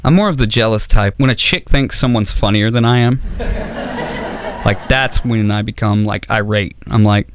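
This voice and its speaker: A man's voice: fairly low pitch, measured pace, noisy background. A man doing a stand-up comedy routine, telling profane stories and acting out both sides of the arguments in raised voices. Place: comedy auditorium stage.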